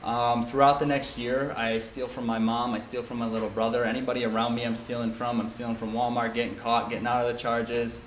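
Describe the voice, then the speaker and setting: A man's voice: medium pitch, flat delivery, a little fast, hardly any pauses, slight background noise. Young man from New York State, candid casual testimony full of fillers, recorded in a roomy hall. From New York State, USA. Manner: casual, frank storytelling with many ums and you-knows. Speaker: speaker sharing his story at a recovery meeting. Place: meeting room before a small group. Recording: echoey meeting room, faint ambience.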